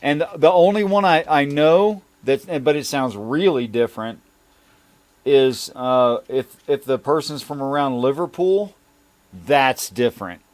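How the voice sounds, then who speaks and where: A man's voice: mid-range voice, a little slow, no echo. Blunt, argumentative man, dry sound. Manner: argumentative, blunt and self-deprecating. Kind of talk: casual chat.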